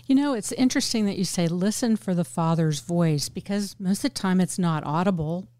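Gentle woman podcast host, low voice. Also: fairly quick, no room sound. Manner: gentle, affirming interviewer. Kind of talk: interview.

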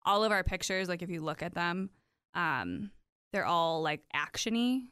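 A young woman in casual chat, telling stories with many fillers and lively retellings. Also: on the low side, normal speed, clean tone, no echo, studio quality. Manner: chatty storyteller, lots of fillers, animated retelling. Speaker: podcast co-host.

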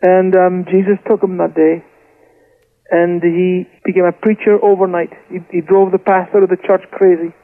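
A man's voice: high-pitched, level tone, moderate pace. A Scottish man from Scotland, a guest preacher telling his family's testimony with fervour and frequent repeated words, heard over a phone line. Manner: fervent, repeats words while telling the story. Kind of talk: impassioned testimony storytelling.

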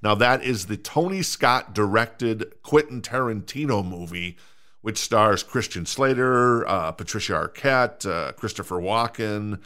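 Middle-aged male podcast host, lowish voice, casual and rambling, self-mocking. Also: unhurried, bright, forceful tone. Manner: rambling, self-mocking, many fillers and restarts. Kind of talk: casual solo podcast chat.

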